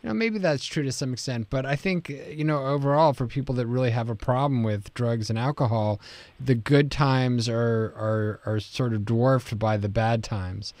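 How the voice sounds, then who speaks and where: Male radio host, relaxed and explanatory, dry studio sound. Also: mid-range voice, moderate pace, dry recording. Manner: relaxed, explains with a long analogy. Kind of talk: radio talk show. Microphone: studio mic.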